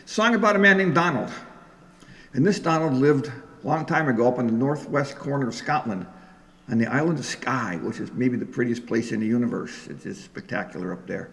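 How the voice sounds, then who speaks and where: A man's voice: medium pitch, brisk, vocal fry, a bit bright. A man telling folk stories and leading a live sing-along in a library event room. He talks in a chatty, joking way and coaxes the audience to join in. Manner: jokey, chatty, coaxing the audience. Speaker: folk singer and storyteller. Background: guitar.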